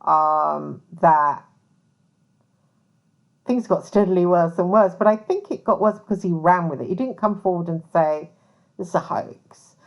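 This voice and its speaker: A woman's voice: on the low side, a little slow, dull audio. A woman who works as a private investigator, talking casually to camera in a rambling way full of asides. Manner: rambling, many fillers and asides.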